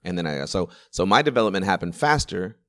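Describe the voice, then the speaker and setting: A comedian in his forties in casual chat, telling rambling stories in quick bursts with restarts and swearing. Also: sits low, very animated, a bit bright. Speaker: stand-up comedian.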